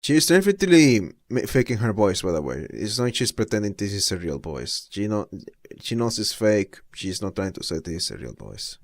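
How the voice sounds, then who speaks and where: A man's voice: lowish voice, big pitch swings, a little fast, few pauses, dry recording. A young adult man streaming casual reaction commentary, rambling and laid-back.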